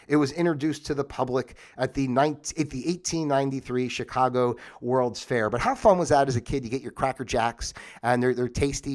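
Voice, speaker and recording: A man hosting a casual livestream, rambling through history notes with sarcastic asides and lots of fillers. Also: medium pitch. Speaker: livestream host.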